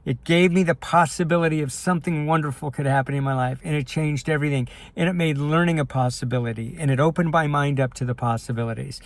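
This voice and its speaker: A man's voice: a little high, fast talker, hardly any pauses, dry recording. A middle-aged man from the United States, a life coach and filmmaker, candidly and emotionally telling his life story in a personal video. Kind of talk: personal video talk to camera.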